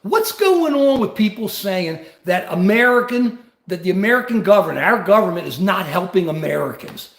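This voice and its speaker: Animated gravelly grandpa ranting on a livestream. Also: male voice, sits high, moderate pace, roomy sound. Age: older. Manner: rambling, animated and combative. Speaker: livestream host. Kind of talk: political commentary livestream.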